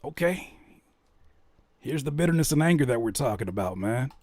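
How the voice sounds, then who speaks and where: A man hosting a reaction video, commenting in a casual, mocking way and getting loud when worked up. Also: medium pitch, moderate pace, dry recording. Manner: animated, mocking, exclaims loudly when worked up.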